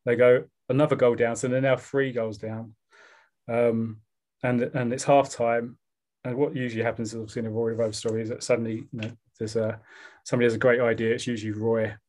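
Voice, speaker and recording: A man's voice: mid-range voice, little pitch movement, brisk, a little mellow. Rambling South East London man. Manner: rambling, with fillers and restarts. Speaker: podcast co-host. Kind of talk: casual chat.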